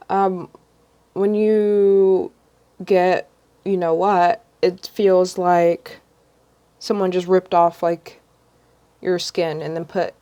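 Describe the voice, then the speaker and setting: A woman's voice: fairly low pitch, warm tone, highs cut off. A young woman vlogger chatting casually on a livestream, rambling with many ums and restarts.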